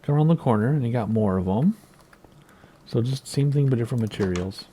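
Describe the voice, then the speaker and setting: An American man giving a relaxed, rambling tour of his game build, with plenty of ums and asides. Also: mid-range voice, a little fast, slight background noise. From United States. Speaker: Minecraft video creator. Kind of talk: casual gameplay tour commentary.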